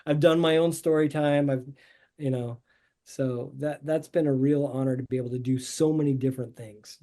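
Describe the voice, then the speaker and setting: A man's voice: mid-range voice, steady tone, moderate pace, warm tone. A man telling stories as a podcast guest in a casual interview, upbeat and rambling, heard over a video call. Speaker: podcast guest, show artist.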